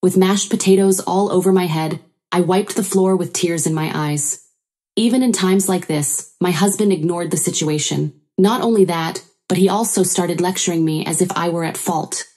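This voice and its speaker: Low-voiced woman narrating a story. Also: normal speed, a little mellow. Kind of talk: first-person story narration.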